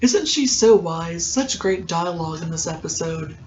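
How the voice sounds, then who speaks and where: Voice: mid-range voice, lively intonation, normal speed, slight background noise. A podcast host giving a casual, rambling recap of a TV episode, full of ums and likes. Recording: dull lo-fi sound.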